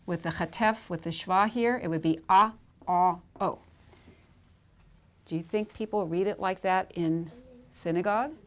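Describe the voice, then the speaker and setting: A woman gives a patient board lesson, saying each vowel slowly and then saying it again. Her voice sits fairly low. She keeps checking that the class is following. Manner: patient, repeats sounds slowly and asks "okay?". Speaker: Hebrew teacher. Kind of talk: whiteboard lesson.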